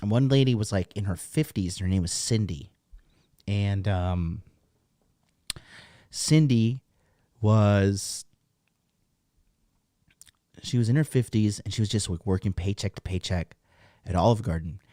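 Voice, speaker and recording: A man's voice: on the low side, measured pace, long pauses, dark tone, dry recording, studio quality. A man in his thirties hosting a casual livestream, talking bluntly and profanely in a rambling way. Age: 30s. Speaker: podcast host.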